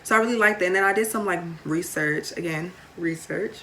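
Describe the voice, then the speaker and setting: A woman's voice: medium pitch, quick pace, a bit bright, slight background noise. A young woman, chatting casually to camera with lots of fillers and playful asides. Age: late teens. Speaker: vlogger.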